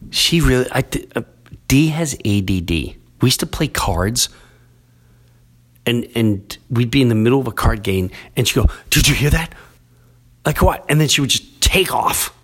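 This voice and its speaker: A middle-aged man hosts a podcast and rambles through a family story in loose, casual chat. His voice sits in an ordinary middle pitch. He keeps breaking into quick impressions of his kids and his wife. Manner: rambling, animated storyteller who acts out quoted family members. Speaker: podcast host.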